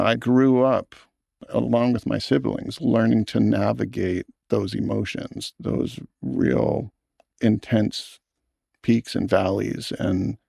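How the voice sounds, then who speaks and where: A man, a film director, talking in an interview in a thoughtful, earnest way with halting restarts. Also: lowish voice, creaky, dark tone, no echo, clean studio sound. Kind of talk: reflective interview talk.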